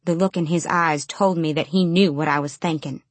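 Female audiobook narrator, lowish voice, steady, dry close mic. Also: a little fast, no room sound. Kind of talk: first-person fiction narration.

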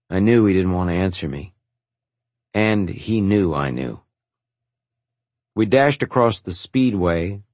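A man with a very low, husky voice reads a first-person story in a calm, reflective way. The recording is dry and close, with no room around it. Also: dry recording. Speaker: narrator. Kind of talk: first-person audiobook narration.

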